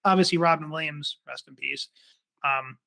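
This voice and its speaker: A man's voice: a little high, normal speed, creaky, sharp tone. A man hosting a casual interview, laughing along and reacting eagerly. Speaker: podcast host.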